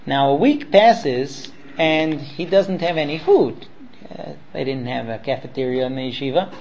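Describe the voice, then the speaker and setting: A man's voice: a little high, expressive, moderate pace, a little mellow, dull audio, a little hiss or hum. A man teaching students by retelling a story, acting out the characters with frequent fillers. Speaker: Torah teacher.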